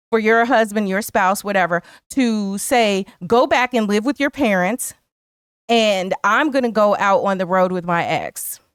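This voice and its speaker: A woman's voice: medium pitch, smooth, no echo, clean studio sound. A woman co-hosting a podcast, chatting casually about a film and retelling its scenes. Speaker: podcast co-host.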